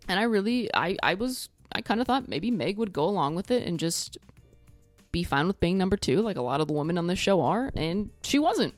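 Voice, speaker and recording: A woman vlogger talks through a show recap in a low-set voice that swings up and down a lot. She is blunt and sarcastic, with casual swearing, and faint music plays behind her. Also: expressive, fairly quick, no echo.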